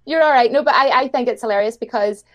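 A woman's voice: high voice, lively intonation, a little fast. A woman from Ireland with an Irish accent, chatting casually and laughing often. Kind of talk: casual chat.

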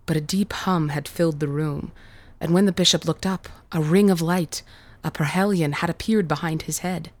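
A woman reading a scripted horror story in a measured, vivid storytelling manner. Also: low-pitched, dry recording. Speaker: narrator.

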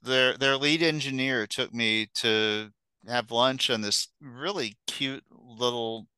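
Bright, crisp-voiced man telling anecdotes. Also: mid-range voice, slow, dry recording. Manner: relaxed rambling anecdotes with casual swearing. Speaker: regular podcast guest. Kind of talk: casual chat.

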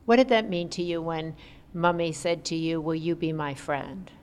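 A woman's voice: deep voice, steady tone, moderate pace, slight background noise. A woman hosting an interview, asking reflective questions. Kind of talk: interview conversation. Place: indoor interview. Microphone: podcast mic.

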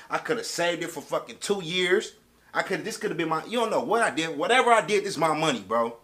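Man, vlogger, casual rant, street slang, emphatic, voice jumping high and low. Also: bright, forceful tone. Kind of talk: casual storytelling rant to camera.

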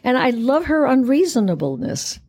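A woman's voice: high-pitched, big pitch swings, moderate pace, a little mellow, slightly rough. A woman in her eighties, a guest actress chatting in an interview in a theatrical way, often laughing. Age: 80s. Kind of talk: casual interview chat.

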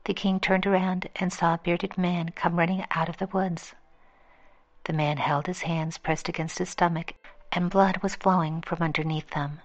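A woman's voice: on the low side, fairly even intonation, moderate pace, highs cut off. A woman steadily reading a fable aloud as its storyteller.

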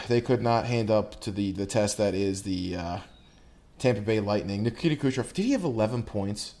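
A man with a fairly low voice co-hosts a casual sports podcast. His talk is relaxed and rambling, full of little fillers and restarts as he goes. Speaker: podcast co-host.

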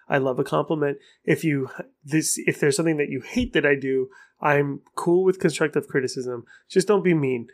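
A man hosting his own podcast, talking alone in a rambling, frank way and cursing for emphasis. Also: a little high. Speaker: podcast host. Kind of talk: casual solo podcast monologue.

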